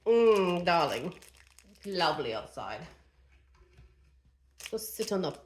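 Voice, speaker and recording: A woman voicing a genteel lady who lives in a dollhouse, speaking softly and languidly. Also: lowish voice, big pitch swings, takes it slowly, roomy sound, slight background noise. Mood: dreamy.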